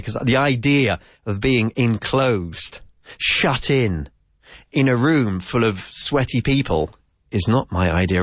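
A man teaching vocabulary to Spanish speakers in a relaxed, chatty way, repeating words slowly to drill their pronunciation. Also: medium pitch, dry recording, clean studio sound. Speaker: English teacher. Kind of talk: casual language lesson.

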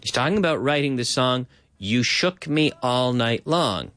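A male radio host explains phrases to his listeners in a lively, repetitive way. His voice sounds dry and close in the studio. Faint music plays underneath. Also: medium pitch, measured pace, dry recording.

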